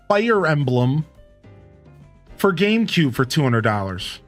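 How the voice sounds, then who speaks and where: Lively high-voiced male streamer. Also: normal speed, soft background music. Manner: animated, rambling storyteller using lots of filler words. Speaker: livestreamer. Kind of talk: casual chat with stream viewers.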